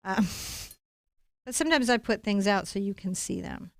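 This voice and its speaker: A woman's voice: mid-range voice, expressive, moderate pace, dry recording, clean studio sound. A woman leading a live-streamed painting lesson, talking playfully and encouragingly straight to her viewers. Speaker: painting instructor.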